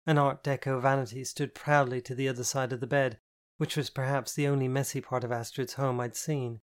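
A male audiobook narrator reading a novel in the first person. His delivery is measured and even, in a medium-pitched voice.

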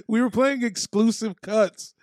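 A man's voice: high-pitched, slow, no echo, studio quality. A man on a comedy podcast trading playful, slangy banter. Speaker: podcast co-host. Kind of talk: casual comedic chat.

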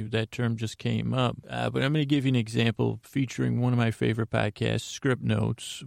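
A man hosts a bedtime podcast, drifting from thought to thought with wry asides and frequent restarts. His voice is gravelly and stays level in pitch, recorded close and dry with faint music beneath. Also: darkish tone, dry recording. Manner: meandering, self-interrupting, wry asides. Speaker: podcast host. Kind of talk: rambling bedtime podcast monologue.

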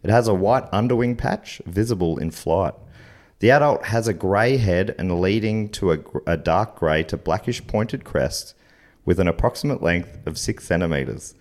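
A man's voice: low voice, moderate pace, darkish tone. An Australian man hosting a comedy quiz podcast, reading out questions and facts and riffing playfully between them. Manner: playful, reads facts aloud then riffs and laughs. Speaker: game show host.

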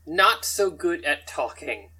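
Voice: medium pitch, expressive, takes it slowly, bright, forceful tone, husky, low-quality recording. A game master narrating a tabletop game in a rambling way, often chuckling between descriptions.

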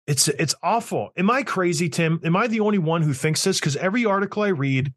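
A man's voice: sits high, animated, brisk, hardly any pauses, no room sound, studio quality. A man hosting a podcast, ranting bluntly and emphatically and teasing his co-host. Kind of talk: casual opinionated rant.

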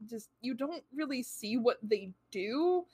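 A woman with a fairly high voice, picking apart a comic on a podcast. She sounds exasperated and critical, talking quickly through her points. The recording is dry and close. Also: animated, a little mellow, slightly rough, no echo. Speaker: podcast co-host. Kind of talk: casual comic book discussion.

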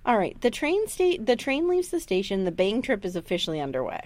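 Woman rambling through a tv recap, pitch jumps all over, swears a lot. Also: a little fast. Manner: animated storyteller, acts out quotes, swears freely. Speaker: podcast co-host recapping a TV episode. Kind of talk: casual chat.

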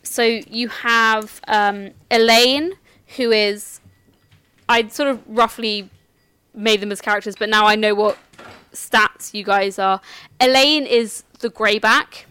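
A woman game master talks through characters and rules at an unhurried pace. Her voice is smooth and a little high, recorded close and dry. She restarts phrases now and then as she explains. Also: steady tone, pushed and bright, no room sound. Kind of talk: explaining a tabletop game setup.

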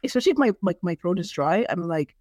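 A woman co-hosting a podcast in casual chat, telling stories in a chatty way with lots of fillers; her voice can run a little deep. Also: lively intonation, quick pace, darkish tone, no echo, studio quality. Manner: chatty, leans hard on "like", storytelling. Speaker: podcast co-host.

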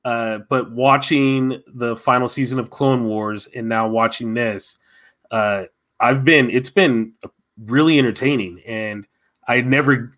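A man's voice: medium pitch, fairly even intonation, unhurried, fairly bright tone. A man co-hosting a casual fan chat, talking enthusiastically and rambling with many restarts.

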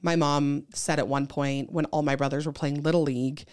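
A woman in her thirties, a podcast guest, telling stories in a chatty, animated way with lots of fillers. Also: deep voice, moderate pace, clean tone. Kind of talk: casual chat.

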